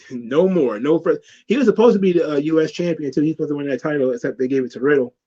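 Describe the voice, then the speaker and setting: A podcast host with a fairly high male voice talks fast in a warm, slightly rough tone, and the audio is dull. He rambles through casual wrestling commentary on his talk show, swearing freely and laughing a lot as he tells stories.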